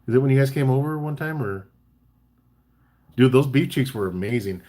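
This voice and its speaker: A man hosting a casual live-stream chat. He talks in a relaxed, chatty way, reads out viewer comments and gives tips between bits of banter. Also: medium pitch, moderate pace. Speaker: barbecue caterer and live chat host.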